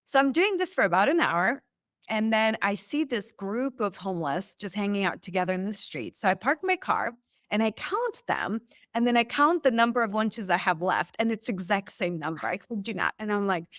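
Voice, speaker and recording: Animated woman telling her story. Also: medium pitch, normal speed, no echo, clean studio sound. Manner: animated, acts out quoted lines. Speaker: podcast guest. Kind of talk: storytelling in an interview.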